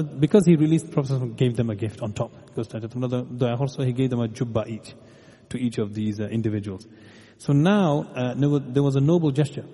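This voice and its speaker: A man telling a religious story as a lively storyteller, acting out the quotes and slipping into another language now and then. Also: mid-range voice, husky, long reverb tail. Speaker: preacher.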